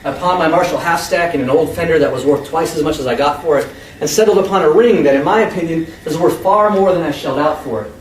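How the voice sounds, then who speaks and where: A young man from the United States reads his own first-person story to an audience at a public reading. His voice sits high and his delivery is emphatic and expressive. The sound is echoey and distant, with a faint hum underneath. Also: fast. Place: convention room with an audience. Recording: echoey room, far from the mic, faint hum.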